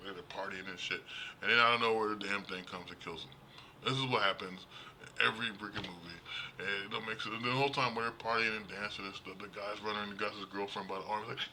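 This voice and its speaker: A man streaming live, chatting casually and animatedly about movies, laughing often and acting out characters in high voices. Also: steady tone, quick pace, sharp tone, a little hiss or hum. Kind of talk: casual rambling movie talk.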